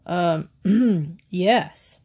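A woman's voice: on the low side, drawn-out words, warm tone, husky, full character voice. A woman voicing a small, fussy older man who hems and haws nervously. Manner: nervous, hemming and hawing.

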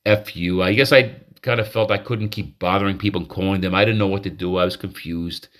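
Deep-voiced and steady in tone yet a bit bright, a man hosting a podcast talks fast through a manic, confessional monologue. He rambles and keeps interrupting himself with restarts.

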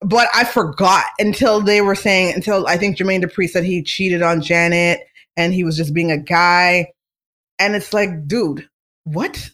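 Vlogger, casual fan chat, excitable, rambling, gushing, mid-pitched voice. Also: moderate pace.

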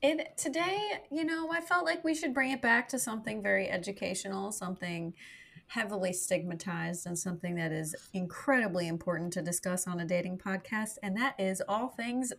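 A woman's voice: mid-range voice, a little fast, gravelly, fairly bright tone. A young woman co-hosting a podcast in casual, jokey chat, rambling and laughing often. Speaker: podcast co-host.

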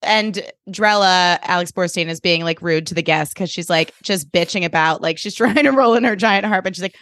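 A woman's voice: fairly quick, fairly bright tone, dry recording, clean studio sound. A young woman co-hosting a podcast, chatting casually about a TV episode and acting out quotes, filling her talk with "like". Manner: chatty, many "like" fillers, acts out quotes in a higher voice. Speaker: podcast co-host. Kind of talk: casual chat recapping a TV episode.

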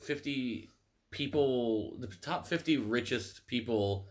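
A man's voice: mid-range voice, slow, a little mellow. A young man co-hosting a podcast, chatting casually and swearing freely, often breaking into laughter. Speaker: podcast co-host. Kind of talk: casual chat.

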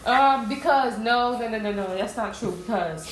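A woman talks in a casual back-and-forth, leaning hard on her words and saying them twice for weight. Her voice sits at an ordinary pitch. The room around her is echoey, with steady noise underneath. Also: normal speed. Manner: animated, emphatic, repeats herself. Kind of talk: casual chat about zodiac signs.

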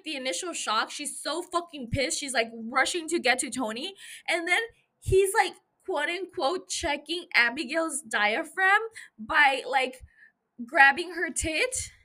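Young woman podcaster, high bright voice, swears a lot, rambly jokey recap into her mic. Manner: chatty, profane, jokey, self-interrupting. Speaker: podcast host. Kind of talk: casual episode recap chat.

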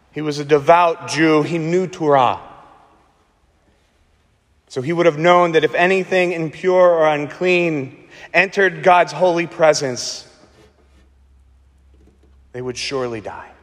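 A man preaching a sermon as pastor, slowing and repeating words for emphasis, with dramatic pauses. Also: on the high side, long reverb tail.

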